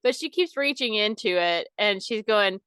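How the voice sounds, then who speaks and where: A woman's voice: medium pitch, lively intonation, moderate pace, pushed and bright, clean tone, dry recording. A woman co-hosting a podcast, telling a funny story in casual chat with lots of laughter. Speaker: podcast co-host.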